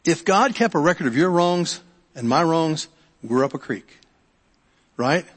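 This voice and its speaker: Chatty pastor man, slightly high voice. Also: expressive, measured pace. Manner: conversational, repeats words and restarts, asks the audience. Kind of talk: sermon. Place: church sanctuary. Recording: long hall reverb.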